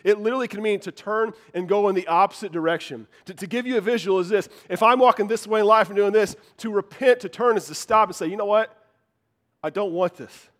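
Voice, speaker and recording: Pastor, male, earnest conversational sermon, slightly higher voice. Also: fast, few pauses, a bit bright. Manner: earnest, conversational preaching with frequent restarts.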